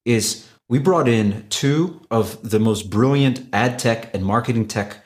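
A man who is a company executive, pitching his product in an animated, emphatic way with frequent restarts. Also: a little slow. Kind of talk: conversational business pitch.

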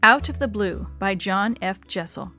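A middle-aged woman reading a children's story aloud in a gentle, expressive storytelling voice. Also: medium pitch, measured pace, faint music behind.

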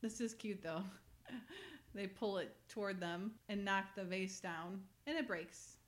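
A woman's voice: mid-range voice, a little slow. A woman hosting a casual chat, recapping a TV episode and reading script lines aloud with frequent giggles. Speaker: podcast host.

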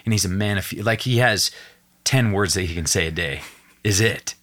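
Young adult man, podcast guest, earnest emotional storyteller, lowish voice, animated and acts out quotes. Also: normal speed.

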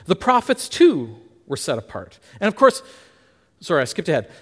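A man's voice: fairly high pitch, moderate pace. A man preaching a sermon to a congregation, emphatic and conversational, often checking in with his listeners. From Canada. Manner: lively, emphatic, asks the congregation questions. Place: church hall. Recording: reverberant church hall.

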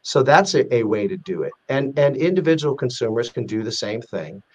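A man with a mid-range, expressive voice speaks a little fast as a guest in a casual interview. He earnestly explains a corporate risk rating database, restarting often and acting out example quotes.

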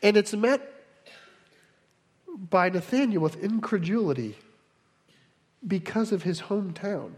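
A male pastor with a notably high voice, preaching in a loose, conversational way. He breaks off often for asides and explanations. His words ring with the long reverb of a big church hall. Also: lively intonation, measured pace, pauses often, husky. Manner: conversational teaching with frequent asides. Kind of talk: sermon.

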